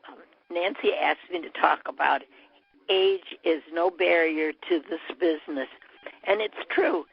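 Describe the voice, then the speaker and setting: A woman's voice: lowish voice, measured pace, creaky, slightly rough, no room sound. An older woman, a bra business distributor, telling a long chatty story on a call, with many fillers. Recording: muffled telephone line.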